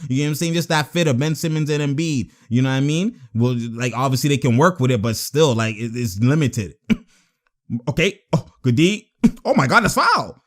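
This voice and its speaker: A high-pitched man gives a live reaction commentary on game footage, his voice leaping all over the place. He talks casual and slang-heavy, laughs often and shouts at bad calls. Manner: excitable, laughing often, yelling at referee calls. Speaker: sports reaction video host.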